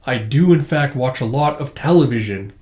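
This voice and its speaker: A man's voice: medium pitch, animated, moderate pace, darkish tone, close to an everyday voice. Stiff literal robot sidekick, male, formal and polite, a man reading it out, echoey room. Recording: roomy echo.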